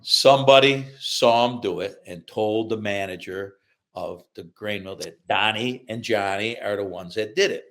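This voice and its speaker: An older man from upstate New York, an author telling lively childhood anecdotes in a podcast interview. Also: fairly low pitch, moderate pace. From upstate New York, USA. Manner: lively anecdotes, acts out quoted voices, laughs through punchlines. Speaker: author and guest.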